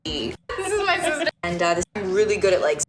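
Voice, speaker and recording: A woman's voice: medium pitch, big pitch swings, a little fast, creaky. A young woman chatting playfully through a tour of her home at night, giggling often. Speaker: singer giving a home tour. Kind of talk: casual video tour. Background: music.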